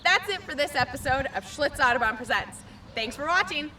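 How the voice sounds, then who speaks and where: A young adult woman naturalist presenting a scripted nature lesson outdoors by a pond, clear and enthusiastic. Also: high-pitched, expressive, brisk, sharp tone, a little hiss or hum.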